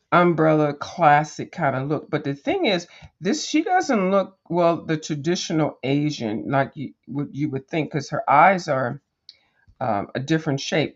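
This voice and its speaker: Rambling, chatty woman on a dull recording. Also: low voice. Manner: rambling and chatty, with many fillers and restarts; talks to viewers as "girl", with sassy "mm-mm" asides. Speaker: coloring channel host. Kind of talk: casual chat while flipping through a coloring book.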